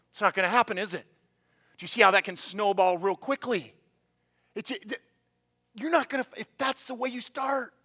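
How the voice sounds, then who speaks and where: A high-pitched man preaches in a church sanctuary, telling stories with quick asides and playful voices. His delivery is animated and conversational. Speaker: pastor. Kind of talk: sermon.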